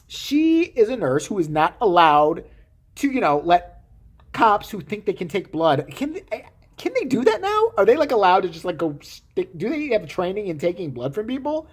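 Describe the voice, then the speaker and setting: A woman's voice: medium pitch, big pitch swings, normal speed, husky. A woman vlogger giving profane, sarcastic commentary with frequent swearing. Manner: sarcastic, swearing, laughing asides.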